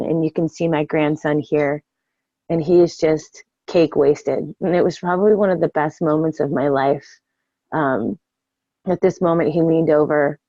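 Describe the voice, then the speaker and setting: An older woman talks through a sales training session in a casual, earnest way, full of ums and restarts. Her voice sits low and mellow. The recording is dry and dull, with little room sound. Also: no echo. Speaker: network marketing trainer.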